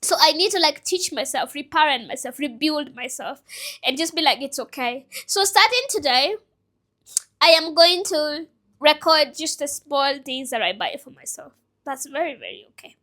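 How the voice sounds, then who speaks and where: A young woman in her twenties speaks in a high, bright voice. She rambles through an emotional, self-reflective personal vlog, as if thinking aloud to the camera. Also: animated, normal speed. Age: 20s. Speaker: vlogger and business owner.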